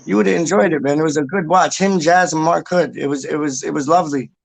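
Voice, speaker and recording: Gravelly-voiced chatty man. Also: a little high, fast. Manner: rambling, repeats himself, swears casually. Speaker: livestream host. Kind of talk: casual chat reading viewer comments.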